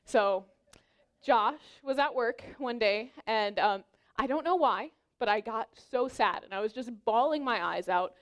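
A young woman gives a sermon, challenging her listeners directly in an earnest, encouraging way. Her voice sits a little high. She is pregnant and weaves personal stories into the message. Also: unhurried. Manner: earnest, exhorting, personal anecdotes. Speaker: preacher.

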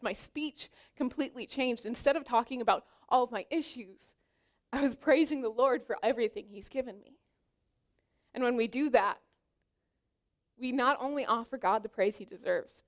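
Young woman preaching an earnest sermon. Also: on the high side. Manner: earnest, exhorting, personal anecdotes. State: pregnant.

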